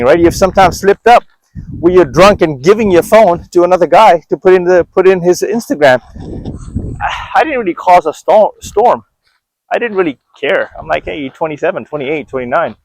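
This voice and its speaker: A man's voice: sits high, a little mellow, no echo, rough recording. A man talking candidly to his viewers about his own life, conversational, often stopping to ask "right?". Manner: conversational, repeats words, asks the viewer "right?". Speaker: vlogger. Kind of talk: candid personal storytelling to camera.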